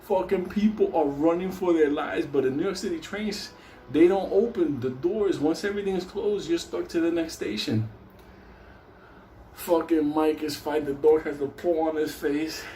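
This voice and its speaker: A man tells a wild story in loose, swear-filled talk, breaking into laughter along the way. His voice is dark and mellow. The sound bounces around a roomy space. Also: on the high side, normal speed, a little hiss or hum. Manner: profane, laughing, animated. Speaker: host. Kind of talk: casual storytelling. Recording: roomy echo.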